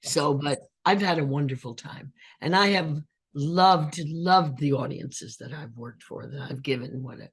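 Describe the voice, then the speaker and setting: An older woman, a guest actress, chatting in an interview with a husky voice, acting out the voices of people in her stories. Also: low-pitched, measured pace, few pauses. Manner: animated storyteller who acts out quoted voices. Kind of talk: casual interview chat.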